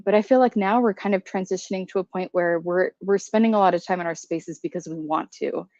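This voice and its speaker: A woman's voice: lowish voice, a little mellow, no room sound. A woman who owns a candle brand, hosting a casual livestream and greeting viewers by name in a flustered, chatty way. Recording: slightly dull, dry livestream audio.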